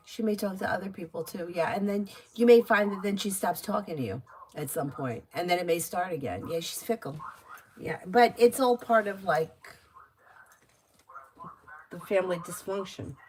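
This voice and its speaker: A woman giving casual tarot readings on a live stream, chatty and quick to laugh, with lots of fillers. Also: medium pitch, a little hiss or hum, poor audio. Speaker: tarot reader.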